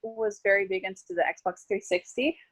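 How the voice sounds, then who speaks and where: A woman's voice: medium pitch, moderate pace. A woman in her twenties, talking casually as an interview guest and saying "like" often. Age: 20s. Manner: chatty, heavy use of "like".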